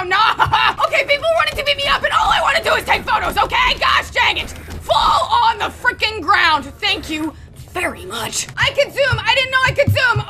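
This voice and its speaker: Excitable high-voiced woman gaming host. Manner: excitable, talks to herself, often yells. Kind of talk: let's play commentary. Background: game music.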